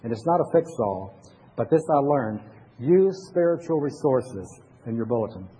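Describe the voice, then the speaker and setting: An older man, a pastor with grandchildren, giving a conversational sermon full of pauses and restarts. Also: mid-range voice, lively intonation, mellow, breathy edge, poor audio.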